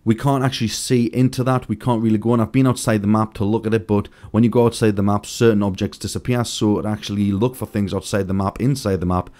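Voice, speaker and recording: A man hosting a gaming video, speculating excitedly about game lore and talking straight to his viewers. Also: on the low side, fast, few pauses. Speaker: gaming channel host. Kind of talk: casual gaming theory commentary.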